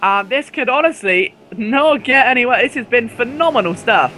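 A man commentates a live sim race, getting excitable and nearly shouting at overtakes until his voice goes hoarse. His pitch is extremely high, he talks at normal speed, and there's a little hiss or hum.

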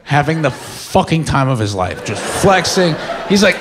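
A young man doing stand-up on stage, telling a story with lots of swearing and swinging between loud bursts and mumbles. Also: fairly high pitch, big pitch swings, normal speed, few pauses, noisy background. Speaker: stand-up comedian. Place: comedy stage before a live audience. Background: faint audience laughter.

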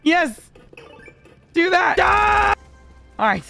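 A woman's voice: very high voice, very animated, extremely slow, vocal fry, bright, forceful tone, soft background music. A woman streaming a co-op game, chatting casually and teasing her teammates with lots of giggles. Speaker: VTuber streamer. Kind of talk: casual gaming stream chat.

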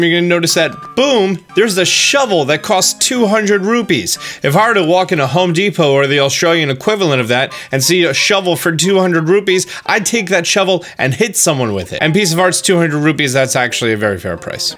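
A man's voice: a little high, fairly bright tone. An American man hosting a gaming channel, talking through gameplay in a joking, conversational way. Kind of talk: video game commentary.

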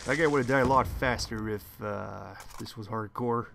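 A young man commenting on his own online shooter match, muttering to himself one moment and yelling curses the next. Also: lowish voice, normal speed, vocal fry, background noise. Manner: swings from muttering to loud swearing rants. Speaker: gaming commentator. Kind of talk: live gameplay commentary.

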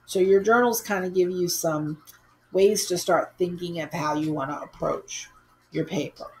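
A woman's voice: fairly low pitch, normal speed, slight background noise, rough recording. A woman college instructor giving a recorded online course lecture in a conversational, easygoing way, with frequent fillers and restarts.

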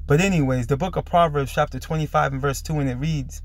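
A religious commentary host, feeling a bit under the weather, talks fast with few pauses in a slightly high voice. He comments on a preaching video emphatically, repeatedly closing lines with "man."

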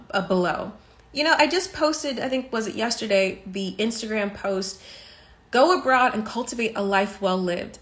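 A woman's voice: on the high side, a bit bright. A woman hosting a casual live stream, talking emphatically, repeating points for stress and laughing between them. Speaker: podcast host.

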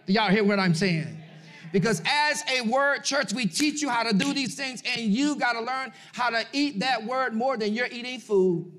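A middle-aged man preaching a sermon, exhorting the congregation and swinging from shouted peaks to low asides. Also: moderate pace. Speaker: pastor.

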